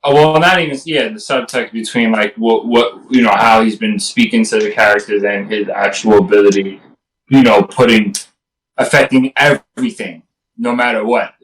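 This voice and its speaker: A man's voice: lowish voice, steady tone, normal speed, fairly bright tone. A man co-hosting a casual podcast, joking loosely and trailing off mid-thought. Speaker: podcast co-host. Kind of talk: casual chat. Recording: roomy and distant from the mic.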